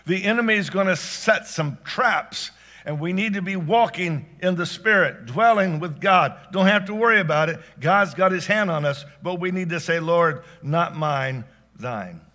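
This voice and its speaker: A man preaching a sermon as pastor, dynamic, swinging from loud exclamations to hushed asides. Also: high voice, normal speed.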